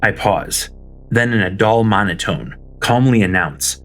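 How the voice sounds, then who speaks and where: A man reads a novel chapter aloud in a low, measured voice, detached yet shifting lively in pitch. Quiet music plays under his narration. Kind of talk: audiobook narration. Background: faint music.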